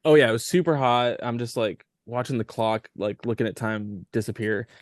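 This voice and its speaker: A man's voice: medium pitch, fairly even intonation, moderate pace, dry recording. Rambling male podcast guest, dry sound. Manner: rambling, many "like" fillers. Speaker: touring band member, podcast guest. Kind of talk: casual storytelling chat.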